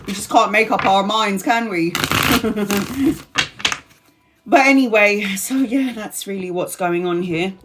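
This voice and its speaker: A woman's voice: medium pitch, slow, pauses often, a bit bright, faint music behind. Chatty swearing woman. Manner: chatty, self-mocking, swears, laughs often. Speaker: tarot reader live-streaming. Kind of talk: casual live-stream chat.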